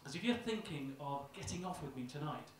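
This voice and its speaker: Young male stand-up comic, self-deprecating and halting, slightly high voice, boomy club room, far mic, audience around. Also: lively intonation, a little hiss or hum. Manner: self-deprecating, hesitant with ums. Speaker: stand-up comedian. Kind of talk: stand-up routine. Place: small comedy club. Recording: echoey club, distant mic, crowd.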